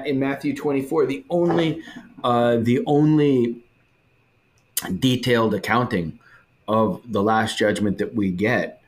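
A man in a casual religious discussion who talks in an animated way and acts out the voices he quotes. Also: medium pitch. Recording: roomy echo.

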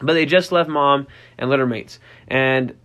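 A man's voice: medium pitch, unhurried, a bit bright. A man in his thirties hosting a podcast, explaining in a casual, conversational way with frequent restarts and small acted-out voices. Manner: conversational, many restarts, acts out puppy and child voices. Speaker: podcast host, dog trainer.

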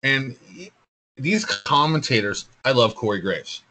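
A man with a bright, forceful voice talking casually as a podcast co-host. He is blunt and opinionated and swears freely. His pitch sits in an ordinary middle range. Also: animated, a little slow. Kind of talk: casual wrestling chat.

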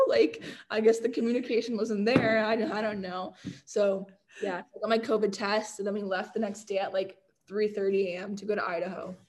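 A young woman from Canada telling stories in a casual interview, chatty and animated, full of "like" fillers and laughter. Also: mid-range voice, brisk. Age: young adult. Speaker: guest, college football kicker.

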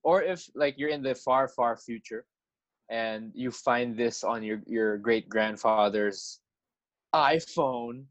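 A man joins a podcast as a guest and banters with the host, playful and quick to joke. His voice sits at a middle pitch and sounds dry and close, with no room echo. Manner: joking, playful, animated. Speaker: guest artist. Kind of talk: casual podcast chat. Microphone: video call setup.

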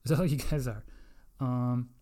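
A young man talks alone into his mic, hosting a loose podcast. His tone is mellow and relaxed, and he rambles and swears often, poking fun at himself and his listeners. His pitch sits in the middle. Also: a little slow. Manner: profane, rambling, self-mocking. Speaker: podcast host. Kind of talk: casual solo podcast rant.

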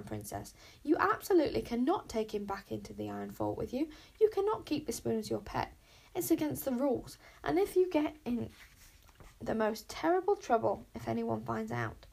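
A woman's voice: a little high, vocal fry, darkish tone, breathy edge, exaggerated voice. A woman voicing an earnest, rule-obsessed boy bodyguard in a storybook reading, fussy and lecturing. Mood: stern. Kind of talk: storybook read-aloud.

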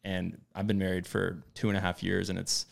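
A man's voice: sits low, monotone, fairly quick, vocal fry. A young married man co-hosting a faith podcast, talking in a casual, enthusiastic way. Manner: casual, enthusiastic, calls people bro. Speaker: podcast co-host. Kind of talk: candid faith podcast chat.

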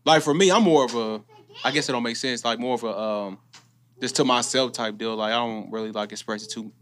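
Male podcast co-host, AAVE speaker, playful and profane, bright tone. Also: mid-range voice, a little fast, slight background noise. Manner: joking, swears often, laughs a lot. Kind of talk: casual chat.

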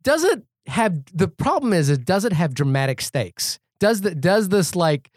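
A man from India chatting casually about a film as a podcast host, animated and full of restarts and fillers. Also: high-pitched, moderate pace, dry recording, studio quality. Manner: animated, thinks aloud with many restarts and fillers.

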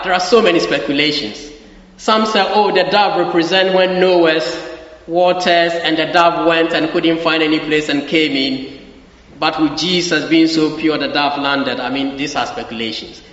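A man's voice: a little high, a bit bright. A man preaching a sermon with emphasis, repeating his key phrases and asking the congregation for agreement. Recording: echoey hall, dull lo-fi sound.

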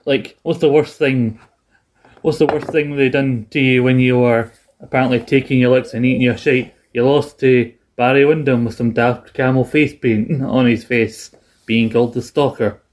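A man's voice: mid-range voice, fairly even intonation, normal speed. A young Scottish man co-hosting a podcast in casual chat, rambling and restarting his sentences and swearing freely. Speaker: podcast co-host.

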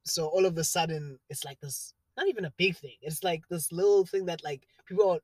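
A young South African man co-hosting a podcast, chatting casually, animated and laughing often. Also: on the high side, a little fast, dry recording. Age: young adult. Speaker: podcast co-host. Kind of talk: casual chat.

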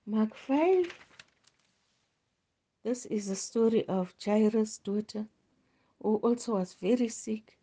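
A woman hosting a devotional, slowly reading Bible passages aloud with small stumbles. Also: a little high, mellow. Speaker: devotional host. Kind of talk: slow scripture reading.

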